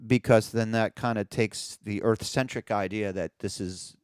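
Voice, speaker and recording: A man co-hosting a casual radio talk show, chatting in an animated, joking way with frequent restarts. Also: fairly low pitch, normal speed, clear, resonant tone, no room sound, studio quality. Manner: animated, jokey, puts on voices in quotes. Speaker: podcast co-host. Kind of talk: casual conversation.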